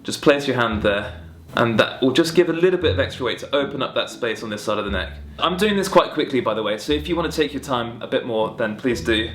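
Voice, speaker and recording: A young man teaching a singing warm-up lesson in a relaxed, friendly, chatty way, talking through stretches and vocal exercises. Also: mid-range voice, fast. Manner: relaxed, friendly and chatty, demonstrating hums and sung syllables. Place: home music room with guitars on the walls.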